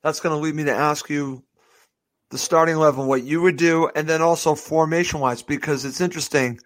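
A man's voice: fairly high pitch, steady tone, brisk. A man hosting a casual football podcast, asking his guest questions and adding brief agreements. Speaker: podcast host. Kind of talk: casual chat.

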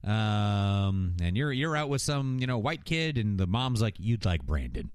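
A man's voice: fairly low pitch, a little slow, clear, resonant tone, dry recording, studio quality. A man casually recapping a TV episode, acting out the characters' lines as he goes. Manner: animated storytelling, acting out characters' lines with swearing and laughter. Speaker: podcast co-host recapping a TV episode. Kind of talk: casual chat.

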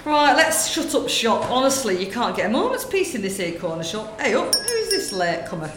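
Cheeky shopkeeper woman, gossipy and lively, played by a woman; roomy. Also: fairly high pitch, normal speed, background noise, pitched above the performer's own voice. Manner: chatty, nosy and cheeky. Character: gossipy middle-aged northern shopkeeper woman. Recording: roomy room sound.

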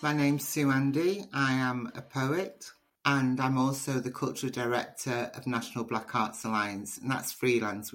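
Chatty woman telling stories. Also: a bass voice. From Liverpool, England. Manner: chatty, storytelling, animated. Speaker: poet, interview guest. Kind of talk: conversational interview answers.

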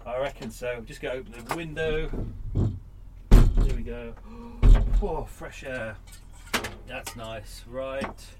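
A man's voice: medium pitch, takes it slowly, long pauses, heavy background noise. Rambling British man grumbling at home. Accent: British English. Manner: rambling, grumbling, self-interrupting. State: shaken and breathless. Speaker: podcast host. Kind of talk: casual unedited chat. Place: home room.

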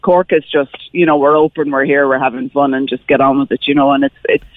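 A woman's voice: a bass voice, level tone, fast talker, dry recording. A woman from Dublin with an Irish accent calling in to a radio chat, talking earnestly and enthusiastically with many fillers. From Dublin, Ireland. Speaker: caller. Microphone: phone. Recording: tinny phone line.

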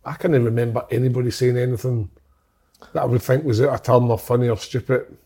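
A man's voice: medium pitch, steady tone, a little fast, warm tone, slightly rough. A man co-hosting a podcast, rambling and swearing in self-mocking casual chat. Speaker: podcast co-host.

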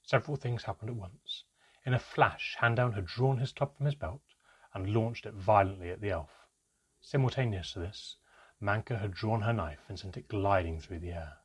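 Audiobook narrator: man, low-pitched, husky, steady and measured in his storytelling. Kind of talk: scripted narration.

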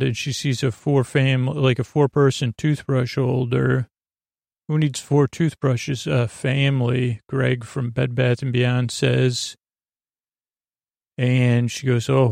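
Male podcast host, rambling sleepy recap, raspy fry in the voice, dead-dry booth sound. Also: mid-range voice, darkish tone, no room sound. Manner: rambling, loose retelling with many fillers. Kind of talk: lulling bedtime recap of a TV episode.

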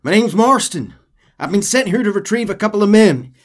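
A terse, stubborn gunslinger, as a man reads him aloud in an unaccented, plain voice. The lines come out a touch higher than his usual speech, with lively movement in pitch. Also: a little fast. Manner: plain read, no accent.

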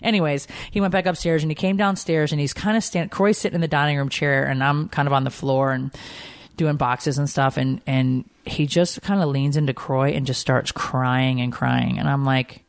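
A woman in her thirties telling a family story in casual chat, jumping up high whenever she quotes someone. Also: moderate pace, dry recording. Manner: animated storytelling, voice jumps high when quoting. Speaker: podcast co-host, mother.

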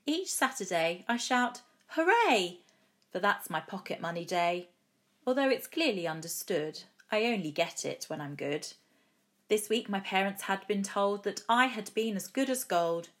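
A teacher reading a comic rhyming poem aloud with a lively, expressive rhythm. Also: female voice, mid-range voice, normal speed.

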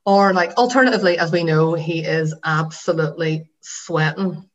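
A woman's voice: low voice, fairly even intonation, moderate pace, dull audio. A woman co-hosting a podcast in casual chat, rambling with lots of fillers and the odd swear word. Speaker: podcast co-host.

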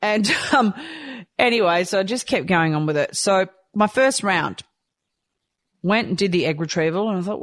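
A woman with a mid-range voice tells a personal story at normal speed, recorded with studio quality and no echo. She's candid and animated, acting out her own thoughts as quotes while sharing the experience.

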